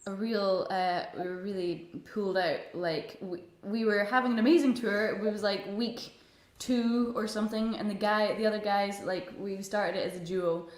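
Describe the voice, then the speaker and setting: A woman's voice: mid-range voice, steady tone, moderate pace. Chatty woman in a roomy space. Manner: chatty, laughs often, rambling with fillers. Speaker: guest musician. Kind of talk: casual chat over video call.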